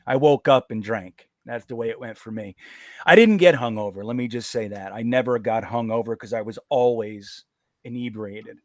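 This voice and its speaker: A man, a father, giving blunt, halting opinions and self-mocking jokes on a casual panel. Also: medium pitch, no echo, studio quality. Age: adult with children.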